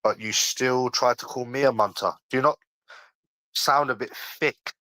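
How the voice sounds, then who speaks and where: A man's voice: medium pitch, moderate pace, pushed and bright, no echo, low-quality recording. Defensive young London man, dry sound. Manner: defensive, argumentative, slangy, repeats himself. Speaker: livestream host. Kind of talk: casual livestream chat.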